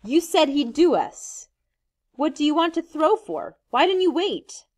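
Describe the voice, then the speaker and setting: A woman's voice: sits high, very animated, unhurried, voice pushed up. A woman doing a bossy, aggressive schoolboy. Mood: brusque, scornful. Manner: commanding, shouting orders.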